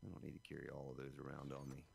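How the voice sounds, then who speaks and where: Speaking into a broadcast dynamic mic, a live game streamer has an extremely low, creaky, darkish voice delivered completely flat and at a racing pace, with slight background noise. He chats with viewers directly as folks while he plays.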